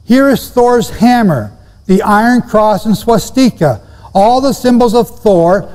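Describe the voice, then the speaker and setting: A man with a high, animated voice and darkish tone teaches Bible prophecy at normal speed to a seated live audience, emphatically repeating key phrases and quizzing listeners. The room carries the long reverb of a hall.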